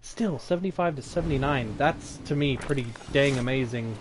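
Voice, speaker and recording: A man's voice: medium pitch, normal speed, background noise. A man streaming live gameplay, chatting and playfully taunting opponents as he plays. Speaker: game streamer. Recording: game gunfire behind voice. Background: game gunfire and effects.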